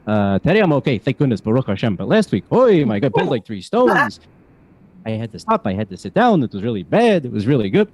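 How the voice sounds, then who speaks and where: A man voicing a whiny little old Hebrew slave with a Yiddish-inflected accent, kvetching in stammering rapid questions over a video call. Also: medium pitch, big pitch swings, a little mellow, husky. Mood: complaining.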